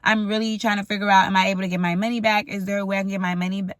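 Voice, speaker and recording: A woman's voice: mid-range voice, little pitch movement, very fast, a bit bright, no room sound. A young woman telling a storytime vlog, blunt and profane, venting frankly. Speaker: vlogger. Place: indoors at home, ring light.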